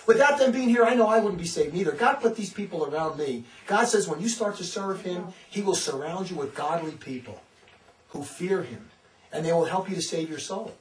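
A man's voice: high voice, lively intonation, brisk, roomy sound, recorded from a distance, poor audio. A man who leads a religious community, preaching in a fervent, informal way. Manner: fervent, often acts out others' words. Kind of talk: impassioned informal sermon.

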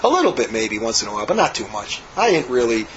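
A man, a religious brother, telling a rambling, animated story in conversation. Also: mid-range voice, fast, a little hiss or hum. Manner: animated, rambling, acts out quotes. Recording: dull lo-fi recording.

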